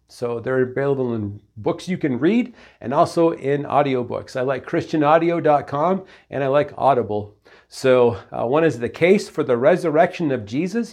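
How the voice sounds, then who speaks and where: A man delivering a sermon from the pulpit at an everyday middle pitch. He speaks earnestly, presses his listeners with direct questions, and drifts into relaxed, folksy asides along the way. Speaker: pastor.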